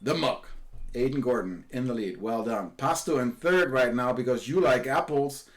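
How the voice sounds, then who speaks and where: A man giving live commentary on virtual sailing races, excitable and quick to exclaim, repeating his calls as the boats close in. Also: medium pitch.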